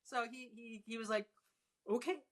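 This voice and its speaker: A woman's voice: mid-range voice, normal speed, fairly bright tone. A woman in her sixties in casual conversation, telling a personal story with frequent restarts. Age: 60s. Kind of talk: casual chat.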